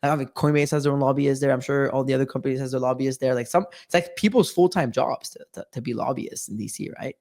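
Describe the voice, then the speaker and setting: A man's voice: medium pitch, quick pace, few pauses, a little mellow. A man hosting a casual livestream, talking in a loose, slangy way with lots of fillers. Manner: loose, slangy, restless talk with many fillers. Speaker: host.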